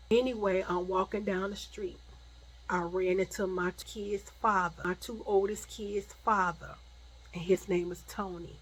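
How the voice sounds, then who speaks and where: A woman's voice: mid-range voice, a bit bright. A woman telling a personal story to her viewers in a casual, chatty way, repeating herself and swearing freely. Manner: chatty, repetitive, profane, addresses viewers directly.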